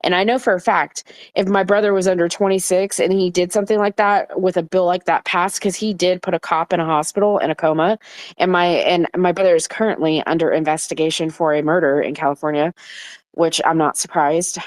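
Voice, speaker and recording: A woman hosting a casual talk in an online audio room. She speaks bluntly and heatedly, swears freely, and her voice sits a little low. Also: steady tone, brisk, no room sound. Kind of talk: casual political chat.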